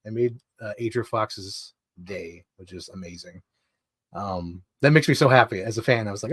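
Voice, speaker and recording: Showing off collectibles on a live stream, a man rambles in casual, chatty fan talk loaded with fillers. His voice sits on the low side and is husky yet a bit bright, at a moderate pace, in a dry recording.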